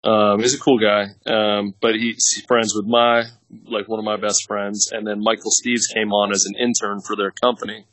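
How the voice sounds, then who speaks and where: A lowish, slightly bright voice with a level tone and normal speed belongs to a man in his thirties, an actor and producer, who rambles through casual stories as a podcast guest. He uses many fillers and laughs often. The audio is dry and low quality.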